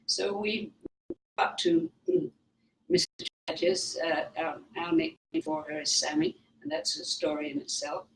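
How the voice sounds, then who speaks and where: An older woman with a Welsh accent, a psychic guest telling anecdotes in an interview, lively and acting out other people's lines. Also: lowish voice, measured pace, vocal fry. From Wales. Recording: roomy, distant mic, faint noise.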